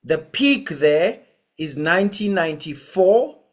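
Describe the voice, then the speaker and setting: A man's voice: on the high side, sing-song, slow pace. A man vlogging, retelling a street crime he witnessed in a casual storytelling way, acting out quoted voices as he goes.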